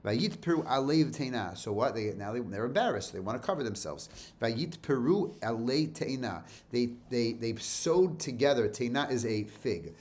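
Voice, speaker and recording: A man's voice: mid-range voice, lively intonation, normal speed, few pauses, darkish tone. A man giving a casual Torah lesson. He reads Hebrew verses and explains each one in plain, informal English, often repeating himself. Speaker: teacher.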